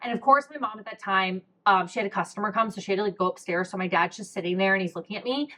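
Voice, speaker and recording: A young woman talks through a heartfelt personal story on her podcast. Her voice sits at an ordinary middle pitch, and she speaks candidly with lots of "like" and "um" as her emotion rises near tears. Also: fast talker, a bit bright. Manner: emotional, candid, many fillers like "like" and "um". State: close to tears. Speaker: podcast host.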